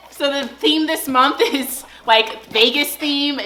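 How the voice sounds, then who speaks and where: A woman's voice: sits high, slow, few pauses, background noise. A young woman vlogging at home, chatting casually in an upbeat way as she narrates her pantry clean-out and opens a box of dog toys. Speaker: lifestyle vlogger.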